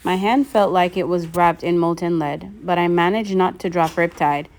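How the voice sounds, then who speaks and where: A woman narrating a novel aloud in a lively audiobook reading, voicing the characters. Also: on the low side, normal speed.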